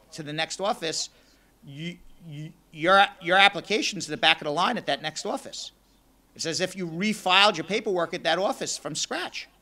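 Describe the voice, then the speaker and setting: Hoarse high-voiced man hosting radio advice. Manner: fast, energetic, explains step by step. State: hoarse, losing his voice. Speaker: immigration lawyer and radio show host. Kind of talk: live call-in radio advice show.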